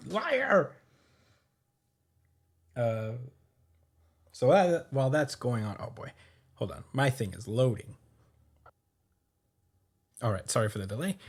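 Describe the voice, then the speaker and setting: A man's voice: mid-range voice, darkish tone. A man hosting a podcast, chatting casually with many fillers and frequent laughs while he recaps a comic chapter. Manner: rambling, filler-heavy, laughs often. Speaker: podcast host.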